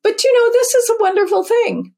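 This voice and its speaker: With an extremely high pitch, a dark tone and a brisk delivery, a woman in her fifties or older tells her story in an interview. She's a spiritual teacher and author, speaking earnestly and chattily with lots of restarts.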